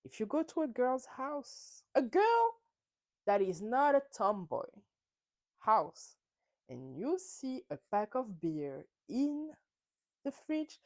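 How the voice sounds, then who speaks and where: Animated woman recapping reality TV. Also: on the high side, takes it slowly, no echo. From France. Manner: opinionated and animated, acts out quotes. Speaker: podcast host. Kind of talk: solo recap chat.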